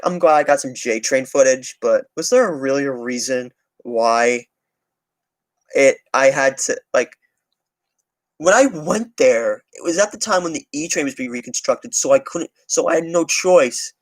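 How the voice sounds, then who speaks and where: A young man who streams on a transit channel chats loosely on a livestream, rambling, swearing heavily and restarting his sentences. His voice sits in the mid range, with no echo.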